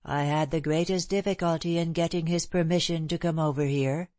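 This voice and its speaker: A woman's voice: deep voice, steady tone, a little fast, a little mellow, no room sound, natural voice. A woman reading the part of a languid, sleepy older princess and mother in an audiobook, murmuring drowsily.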